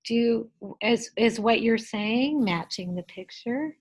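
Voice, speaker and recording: Woman teacher, unhurried and encouraging, coaxes young kids through a reading lesson. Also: medium pitch, poor audio. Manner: gentle, encouraging, asks children questions.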